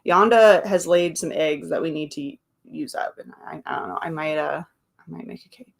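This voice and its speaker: A woman's voice: deep voice, moderate pace, vocal fry. A woman hosting a casual live stream, reading viewer comments aloud and chatting between them, laughing often and drifting into asides. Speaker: livestream host.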